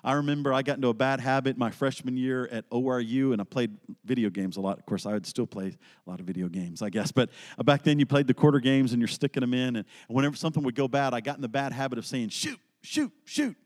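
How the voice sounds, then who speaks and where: A man's voice: mid-range voice, quick pace, a little mellow, long reverb tail. A man preaching an earnest, emphatic sermon, weaving in personal stories.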